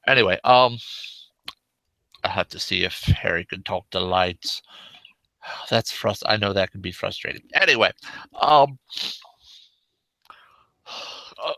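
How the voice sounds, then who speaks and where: Guy doing a polite formal brotherhood leader, slow and low, bright and punchy. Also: gravelly, no room sound, full character voice, low-quality recording. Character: courteous male leader of an underground brotherhood.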